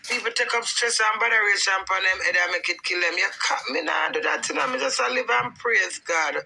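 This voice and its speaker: A woman's voice: mid-range voice, quick pace, pushed and bright, a little hiss or hum, low-quality recording. A Jamaican woman hosting a live stream, chatting in patois and talking about life's troubles. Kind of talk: casual live stream chat.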